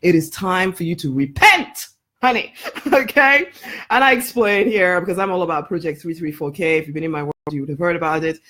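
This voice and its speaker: A woman's voice: lowish voice, fast talker, few pauses, fairly bright tone. Woman coaching to camera, keeps saying honey, repeats herself for emphasis, laughs a lot. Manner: emphatic, repeats key phrases, calls listener honey; laughs often between phrases. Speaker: life coach. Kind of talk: promotional live video talk.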